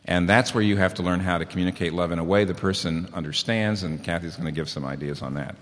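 Emphatic preacher in a reverberant hall. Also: male voice, deep voice, fast, a bit bright. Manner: emphatic, repeats key lines. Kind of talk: sermon on marriage.

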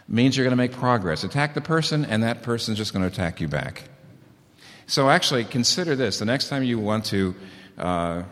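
A middle-aged man with a medium-pitched, slightly bright voice preaches a sermon on marriage. He speaks emphatically and keeps repeating his main points, and the recording carries a long hall reverb.

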